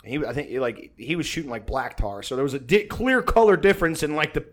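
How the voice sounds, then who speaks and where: A man's voice: fairly high pitch, expressive, fast talker. Man telling a rambling, profane story. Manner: rambling and profane, acts out quotes. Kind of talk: casual storytelling chat.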